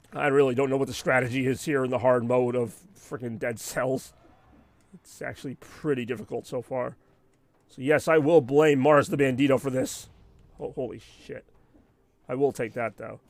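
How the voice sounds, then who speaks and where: A man's voice: a little high, vocal fry. A man rambling and venting in casual chat while streaming live gameplay, with frequent asides. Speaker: gaming streamer.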